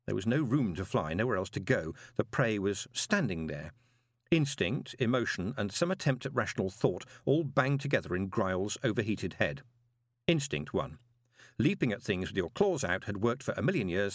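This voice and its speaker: A man narrates a novel in a low voice with lively, swooping intonation. His reading is dramatic and expressive, lingering on pauses for effect. The recording is dry and close, like a small studio booth. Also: no room sound. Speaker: audiobook narrator. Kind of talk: scripted narration.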